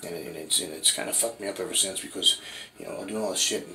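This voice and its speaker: A man's voice: sits low, quick pace, pushed and bright. A man in his forties from Washington State, telling his acting story in a rambling, profane way and asking "right?" again and again. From Washington State, USA. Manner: rambling, swears a lot, keeps asking "right?".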